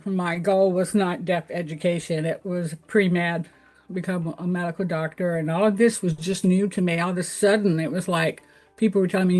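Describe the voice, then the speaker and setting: A woman's voice: lowish voice, steady tone, moderate pace, a little mellow. Southern lady from tennessee chatting as a guest, middle-aged, earnest, lots of uh and you know, faint music under it. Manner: earnest, candid storytelling with fillers. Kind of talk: interview answers.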